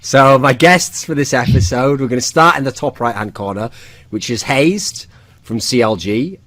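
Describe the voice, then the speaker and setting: A man's voice: medium pitch, lively intonation, brisk, a bit bright, dry recording. A man hosting a casual podcast, teasing his guest with jokey asides and laughter. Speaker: podcast host.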